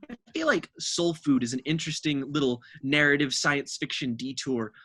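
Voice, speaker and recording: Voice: mid-range voice, moderate pace, fairly bright tone, breathy edge. A podcast co-host ranting through an album review with exasperated, profane, cutting remarks.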